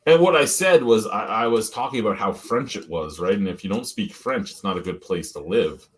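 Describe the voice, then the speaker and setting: A middle-aged man hosts a loose live-stream chat in a husky, somewhat low voice. He tells his stories bluntly, swearing freely and laughing along the way. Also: lively intonation, a little fast. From Ottawa Valley, Canada. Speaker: podcast host.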